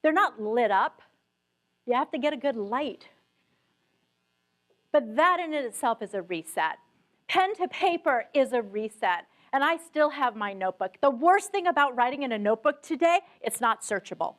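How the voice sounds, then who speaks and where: High-pitched woman doing a keynote on stage, chatty, animated storytelling. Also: moderate pace. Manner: lively, animated storytelling with asides to the audience. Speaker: keynote speaker. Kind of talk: conference keynote talk. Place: conference hall stage.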